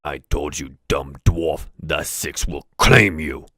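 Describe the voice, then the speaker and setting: A man's voice: very deep voice, slow pace, sharp tone, dry recording, clean studio sound, voice pushed down, exaggerated voice. A man growling as a taunting orc warrior.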